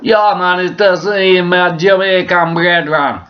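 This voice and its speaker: A man voicing a laid-back male Rasta preacher in a booming, drawn-out way. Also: fairly even intonation. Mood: hyped. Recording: muffled lo-fi recording.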